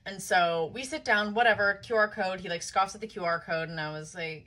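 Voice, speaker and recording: A woman vents about a short, bad date with sassy exasperation. Her voice is bright and forward, and her delivery is loose, casual and full of swearing. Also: mid-range voice, a little fast. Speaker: content creator. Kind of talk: casual storytime vlog.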